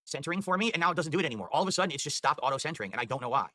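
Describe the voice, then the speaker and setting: A male streamer rattles on at a very fast clip, exasperated and swearing as he goes. His voice is bright and a touch high, and it sounds dry and close with no room around it. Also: expressive, no room sound. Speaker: livestreamer. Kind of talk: live stream chatter.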